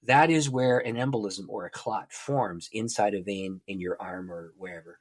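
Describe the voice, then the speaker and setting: A man's voice: fairly low pitch, moderate pace, breathy edge. A man, a guest on a podcast, telling a personal story and acting out the dialogue. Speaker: guest author and prayer teacher.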